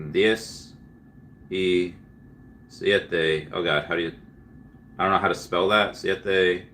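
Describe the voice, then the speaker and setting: Guy on a livestream just chatting and rambling, lots of uhs and likes, lowish voice but bright and punchy. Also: a little hiss or hum. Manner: rambling, filler-heavy storytelling. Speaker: livestream host. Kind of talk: casual livestream chat.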